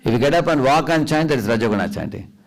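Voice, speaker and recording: Male preacher, mid pitch, teaching a temple audience and asking for agreement. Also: animated, racing, low-quality recording. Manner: instructive, asks the audience for agreement, chants the mantra aloud to demonstrate. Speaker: visiting preacher. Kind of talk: devotional lecture on chanting. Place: temple hall.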